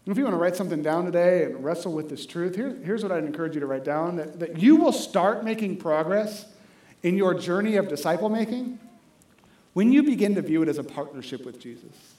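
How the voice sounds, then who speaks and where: A man's voice: sits high, fairly quick, echoey room. A man in his thirties preaching a sermon, telling a story with jokes and acting out the dialogue. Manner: animated, acts out dialogue, jokes with the congregation. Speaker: pastor.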